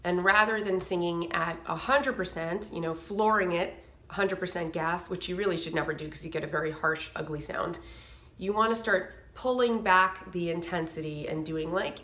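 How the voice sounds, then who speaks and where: A woman teaching a singing lesson, talking clearly to camera and dropping in quick sung and nasal demonstrations. Her voice is bright and forceful, sitting a little low for a woman. The room around her echoes. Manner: explains with sung demos and nasal sound effects. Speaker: vocal coach.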